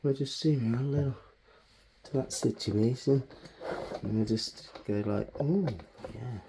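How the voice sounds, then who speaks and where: A man's voice: mid-range voice, measured pace, gravelly, heavy background noise. A man vlogging as he works on a bonsai, chatting casually, bantering with himself and swearing freely. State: out of breath. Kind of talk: casual self-talk while working.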